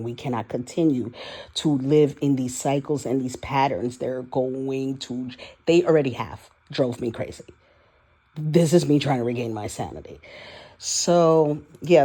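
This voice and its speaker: Woman, 40s, dark mellow tone, unscripted confessional vlog, raw and rambling. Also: very deep voice, slightly rough. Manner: candid, rambling, profane, emotional. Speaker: vlogger. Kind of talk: confessional audio diary. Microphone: voice-only recording, no video.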